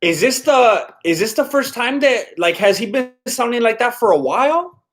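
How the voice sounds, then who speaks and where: A man's voice: extremely high pitch, expressive, normal speed, fairly bright tone. A man hosting a live stream in casual chat, rambling and laid-back as he reacts to viewer comments. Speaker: livestream host.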